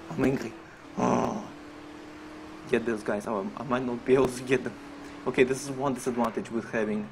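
Man, mid pitch, excitable game role-play streamer, cusses freely, faint typing behind. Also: background noise. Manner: excitable, swears a lot, laughs often.

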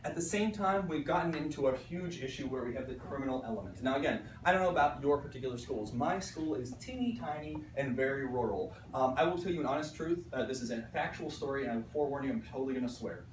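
A man from Pittsburgh, an art teacher giving an animated conference talk to fellow teachers, acting out voices and checking in with "right?" as he goes. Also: mid-range voice, fast, few pauses, slight background noise. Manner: animated storyteller, acts out voices, frequent "right?". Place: conference room. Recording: echoey room recorded from a distance.

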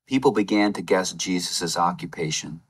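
A man preaching a Palm Sunday sermon, retelling scripture as a lively story with playful game-show asides. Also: deep voice, moderate pace, breathy edge. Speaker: lay preacher.

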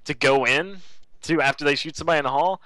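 A man's voice: a little high, fast, pushed and bright, no echo, low-quality recording. A teenage man co-hosting a casual group podcast, telling rambling stories between laughs. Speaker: podcast co-host.

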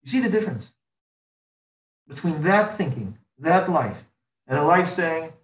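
Speaking slightly slowly but with great animation, a man with a fairly high pitch gives a religious lecture as a rabbi. He builds emphasis through repeated phrases and steep upward swings, heard through a distant mic in a roomy, dull-sounding space.

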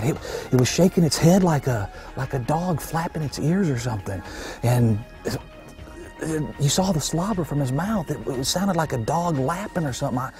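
A man's voice: fairly high pitch, warm tone. A man, a bowhunter, out of breath outdoors at night, stammering and repeating himself in disbelief after a shot. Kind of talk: excited field commentary after a shot.

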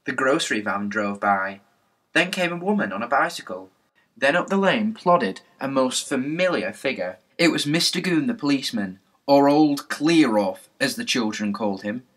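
Husky, bright male storyteller. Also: medium pitch, expressive, normal speed. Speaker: audiobook narrator. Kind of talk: reading a children's novel aloud.

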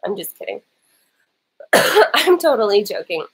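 A woman's voice: medium pitch, very animated, measured pace, husky, poor audio. A woman vlogger with a lingering cough chatting casually during a live Q&A, sitting on her bed and talking into an old laptop's built-in mic. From lives in Los Angeles. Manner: chatty, interrupted by her small son. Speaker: vlogger answering viewer questions live.

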